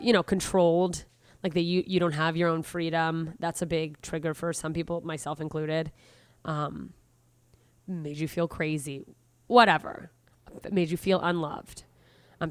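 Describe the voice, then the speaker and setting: A woman's voice: on the low side, clear, resonant tone, no echo. A woman hosting a solo podcast, talking casually and rambling, correcting herself as she goes and acting out inner voices. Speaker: podcast host.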